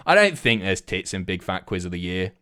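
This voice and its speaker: A man's voice: sits low, big pitch swings, fairly quick, pushed and bright, clear, resonant tone. Sweary, jokey man streaming. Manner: sweary, jokey and self-mocking. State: a bit out of breath. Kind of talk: casual chat reading out viewer messages.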